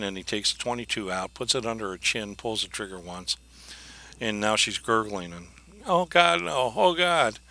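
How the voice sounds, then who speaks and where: A man's voice: fairly low pitch, sharp tone. A man teaching a class, retelling a case in a plain, conversational way with frequent restarts. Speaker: instructor. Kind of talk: conversational lecture recounting a case.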